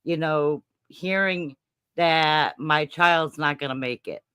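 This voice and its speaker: A woman's voice: low voice, slow, a bit bright, clean tone, no echo, studio quality. A woman, a guest on a caregiver stream and the parent of a disabled child, giving casual advice in an earnest, encouraging way and repeating herself for emphasis.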